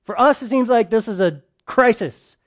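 A man preaching a conversational sermon who keeps asking his listeners questions and swings between loud, emphatic bursts and quiet, soft stretches. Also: extremely high pitch, normal speed.

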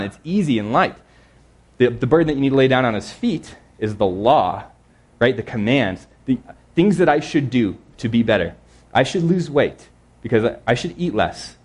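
A man preaching a sermon in a conversational, earnest way, slowing down to read scripture verses. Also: medium pitch, breathy edge.

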